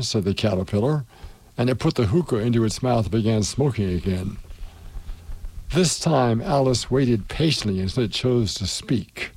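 A man narrating a storybook and hosting a radio show, slow and deliberate. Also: fairly low pitch, animated, a little mellow, husky, dry recording.

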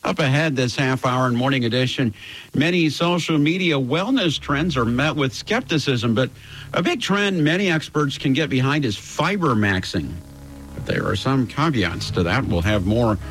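A man hosting a local radio morning show, reading news and the weather forecast in a steady, easygoing way. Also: mid-range voice, normal speed, slight background noise, low-quality recording.

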